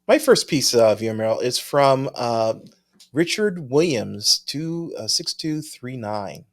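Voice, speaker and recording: A man's voice: medium pitch, expressive, slow. Man, podcast co-host, casual chat, easygoing, chuckles often, thinks aloud, reads viewer mail.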